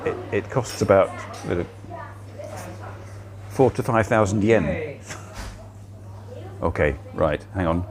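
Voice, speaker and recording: A middle-aged man, talking into a laptop at a cafe. His voice sits fairly low but swings widely and animatedly in pitch as he chats, laughing often and teasing himself. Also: lively intonation, slow pace, pauses often, over music. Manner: chatty, laughs often, self-mocking. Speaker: livestream host. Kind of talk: casual chat livestream.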